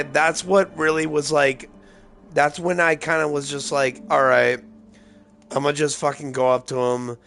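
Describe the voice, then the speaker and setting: This gaming streamer's voice is a little high, gravelly, and a bit bright. Tipsy and slightly slurring, he rambles loosely and profanely through casual gameplay commentary.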